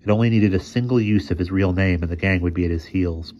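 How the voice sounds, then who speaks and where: A man reads a short story aloud, steady and measured. His voice sits low with a dark, mellow tone. The recording sounds dull and lo-fi. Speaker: story reader. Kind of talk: storybook reading.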